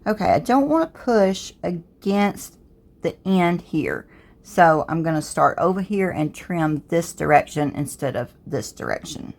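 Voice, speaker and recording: This middle-aged woman has a Southern US accent, a fairly low pitch, some vocal fry, and a slightly slow delivery. She walks through a crafts project step by step in relaxed, casual narration, musing aloud while she works.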